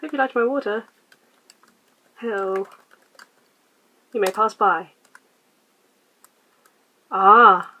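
A woman hosting a casual let's-play, quietly reading game text aloud and muttering her choices. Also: medium pitch, slow pace, long pauses, highs cut off. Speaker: gaming channel host.

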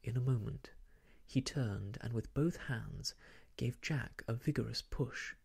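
Slow, gravelly man softly half-whispering a story. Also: mid-range voice. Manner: hushed, half-whispered reading. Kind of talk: soft ASMR narration of an old novel.

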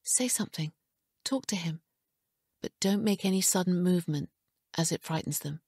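A woman voicing a gentle, caring mother who speaks in a hushed, soothing way in an audiobook. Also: on the low side, normal speed, husky, no room sound, studio quality. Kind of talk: audiobook character reading.

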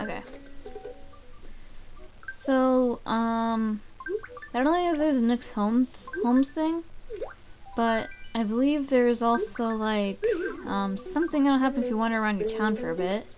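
A woman talks through her game in a chatty, relaxed Let's Play style, her voice fairly high. Game music plays underneath, and the recording sounds muffled and lo-fi. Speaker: gaming channel host. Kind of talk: casual Let's Play commentary.

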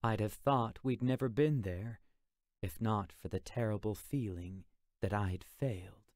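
Slow, measured male audiobook narrator. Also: on the low side, dry recording, clean studio sound. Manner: measured, expressive storytelling. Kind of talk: first-person audiobook narration.

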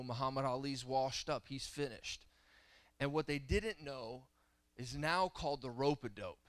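A man's voice: mid-range voice, a bit bright, smooth, no room sound. A man in his thirties preaching a sermon in church, telling stories and building to fervent exhortation. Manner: storytelling, rising to fervent preaching. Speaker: guest preacher. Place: church sanctuary.

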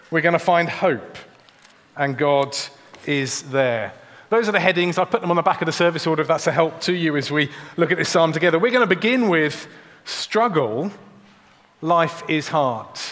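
A man's voice: on the high side, fairly bright tone. A man preaching a sermon in a church, earnest and direct, often repeating a word as he starts a sentence. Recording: long church reverb.

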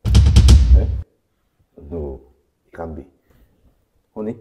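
A man's voice: low voice, drawn-out words, over loud music. A man acting a husband who wails and pleads over his collapsed wife, crying as he talks. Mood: grieving. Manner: pleading, wailing, sobbing grief. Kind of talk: dramatic acting.

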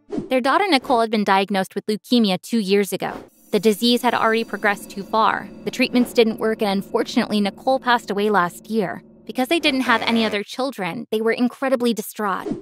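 Woman reading her animated story out, expressive, kinda high voice, light music behind. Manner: clear, expressive first-person telling. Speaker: narrator. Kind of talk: scripted storytelling narration.

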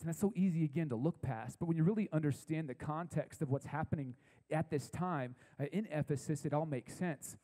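A pastor delivers a sermon to a live congregation in a church, his voice a touch higher than most men's and mellow in tone. He talks in a relaxed, conversational way and slows down to repeat key phrases for emphasis. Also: long reverb tail, poor audio. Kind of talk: sermon to a young adult congregation. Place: church service with a live audience.

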